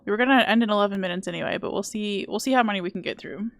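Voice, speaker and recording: A woman's voice: medium pitch, rapid-fire, creaky. A woman streaming a video game live, chatting casually, joking at her own mistakes and swearing now and then. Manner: chatty, self-deprecating, swears casually, playful baby talk.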